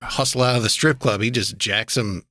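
A man's voice: medium pitch, normal speed, heavy background noise. A man hosting a casual talk show about TV, rambling with lots of fillers and wry asides. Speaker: podcast host reviewing TV shows. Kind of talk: casual chat.

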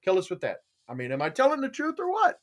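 Animated older man telling stories. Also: high-pitched, quick pace. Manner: animated, laughing, acts out voices in his stories. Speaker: podcast host. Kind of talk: casual storytelling chat.

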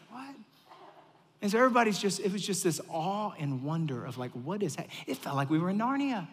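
A fairly high-voiced man preaches to his congregation in a casual, storytelling style, returning to the same phrases for emphasis. He swings between near-whispers and loud, punchy lines. His voice rings out through a large hall with a long reverb tail. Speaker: pastor. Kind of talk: conversational sermon.

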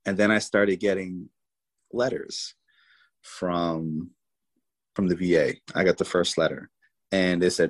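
A man guest in an interview, telling his own story in an animated way and voicing the people in it. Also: sits low, a little slow, pauses often, rough recording.

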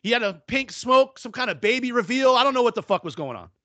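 A high-pitched man with a bright, forceful edge rants about football on a casual podcast. He talks bluntly and swears constantly. His voice sounds dry, close and clean. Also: expressive, quick pace, no room sound. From New Orleans area. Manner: blunt, profane, ranting. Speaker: podcast co-host. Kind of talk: casual sports chat.

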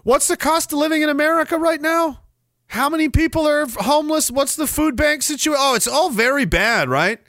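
A man's voice: extremely high pitch, brisk, creaky, fairly bright tone, no echo, studio quality. A man, ranting sarcastically and profanely on his livestream, rambling from one complaint to the next. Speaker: livestream host.

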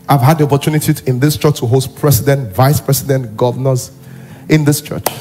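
A male pastor with a Nigerian accent preaching a sermon emphatically, rising into shouts and sing-song. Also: mid-range voice, steady tone, a little fast, faint music behind.

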